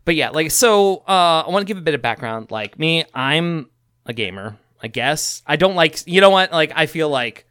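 A man co-hosting a podcast in casual chat, rambling and halting, often laughing. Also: fairly high pitch, lively intonation, sharp tone, smooth, dry recording. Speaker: podcast co-host.

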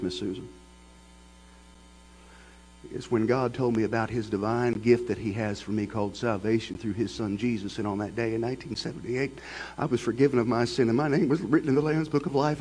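A man's voice: mid-range voice, steady tone, fairly quick, darkish tone, slightly rough, low-quality recording. A middle-aged man, a pastor preaching a sermon as a folksy storyteller. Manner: folksy storyteller who builds to passionate preaching.

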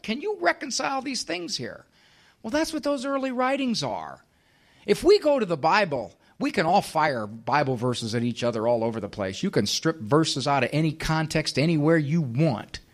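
A man giving a live talk to an audience, emphatic and sarcastic, firing off rhetorical questions. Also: a little high.

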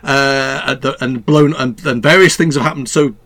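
A man's voice: medium pitch, fairly even intonation, moderate pace, creaky, fairly bright tone. A man enthusing about a film in casual conversation, rambling with restarts and laughs.

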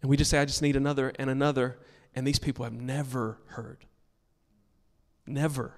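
A man's voice: medium pitch, little pitch movement, normal speed, vocal fry, in a large hall. A pastor preaching a sermon to his congregation, emphatic and earnest, telling stories between points. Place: church sanctuary with a congregation.

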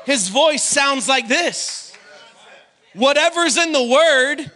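A man preaching a sermon in an animated way, at times breaking into shouts and brief singing. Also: very high voice, slow.

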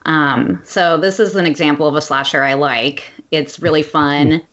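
A woman's voice: deep voice, steady tone, moderate pace, fairly bright tone, muffled recording. A woman co-hosting a podcast in casual chat, talking with lots of ums and frequent laughs. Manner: chatty, laughs often, many ums. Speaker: podcast co-host.

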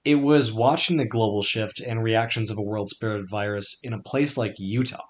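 A man's voice: lowish voice, normal speed, a little hiss or hum. A young man narrating his own podcast memoir in a wry, conversational way, with dry asides. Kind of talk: scripted personal narration.

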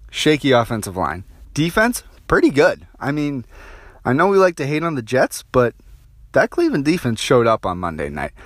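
A man's voice: mid-range voice, a bit bright, dry recording, clean studio sound. A man giving football betting picks in a brash, blunt monologue full of profanity. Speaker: sports betting picks host.

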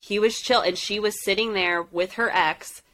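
A woman's voice: mid-range voice, steady tone, normal speed, a bit bright. A woman co-hosting a podcast in casual chat, giving emphatic, opinionated takes on a reality dating show. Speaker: podcast co-host.

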